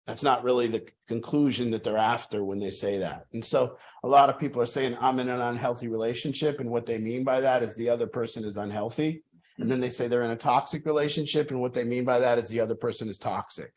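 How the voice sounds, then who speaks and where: A man's voice: medium pitch, a little fast. Man giving an emphatic group talk. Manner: emphatic, repetitive, with restarts and occasional swearing. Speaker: group leader.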